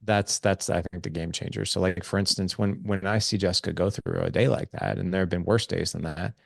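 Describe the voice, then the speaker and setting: A man's voice: low voice, steady tone, brisk, gravelly, dry recording, studio quality. A man guest on a podcast, talking casually and loosely with many fillers as he tells stories and explains his ideas. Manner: loose, filler-heavy, storytelling. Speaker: podcast guest, men's coach.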